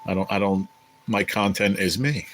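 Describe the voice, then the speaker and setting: A man's voice: low-pitched, normal speed, a bit bright, a little hiss or hum, poor audio. A man hosting a casual livestream, rambling and swearing as he answers viewers in the chat. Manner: rambling, profane, chatty with viewers. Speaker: livestream host reading chat.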